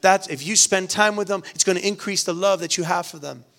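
A man's voice: high-pitched, fairly quick, fairly bright tone. A middle-aged man preaching a sermon, earnest and storytelling, often repeating his words. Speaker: pastor.

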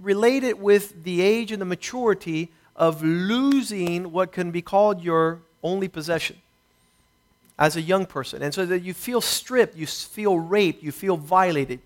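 A middle-aged man preaching a sermon, telling a personal testimony and swinging between quiet reflection and rising intensity. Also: sits high, a little slow.

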